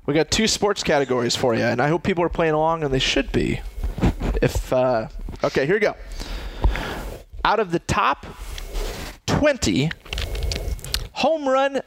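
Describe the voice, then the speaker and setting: A man hosting a casual trivia game with friends, reading lists out briskly. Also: fairly high pitch, very animated, a little hiss or hum. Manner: brisk, reads lists quickly. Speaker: quiz host.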